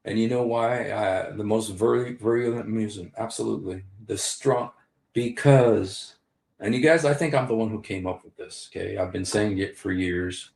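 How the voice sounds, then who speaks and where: A man in his sixties gives casual livestream commentary in a lowish, darkish voice with vocal fry, at a moderate pace. He rambles, repeats key phrases and speaks directly to his viewers, and the recording has a roomy echo.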